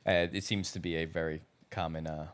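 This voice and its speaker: A man with a very low voice, co-hosting a relaxed podcast chat. He sounds laid-back, laughs easily and drops the odd swear word. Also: brisk, smooth.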